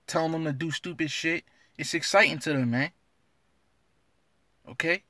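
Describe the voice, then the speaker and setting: A man's voice: on the high side, normal speed, pauses often, a bit bright, no room sound, clean studio sound. A man giving an informal scripture lesson, blunt and streetwise, tagging his lines with "man" and reading verses aloud in an old-fashioned cadence. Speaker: religious teacher.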